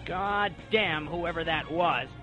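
A man's voice: on the high side, takes it slowly, lo-fi sound, over loud music. A man playing a cranky, cursing character in a homemade comedy radio play who turns into a whiny grown son pleading with his parents. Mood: ranting. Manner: cursing rants, then whining pleas.

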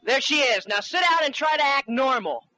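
A man acting in a comedy skit, excitable and quick-tempered, with a whiny edge. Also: very high voice, background noise. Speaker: comedy phone-tape performer.

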